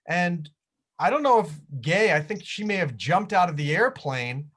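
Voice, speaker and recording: A man's voice: sits high, animated, moderate pace, fairly bright tone. A man hosting a virtual tour over a video call, chatty and jokey. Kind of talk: casual chat on a video call.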